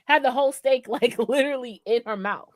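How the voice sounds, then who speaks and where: A woman co-hosting a podcast, telling a story in casual chat, animated and profane, laughing often. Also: fairly high pitch, fairly quick, no room sound. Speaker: podcast co-host.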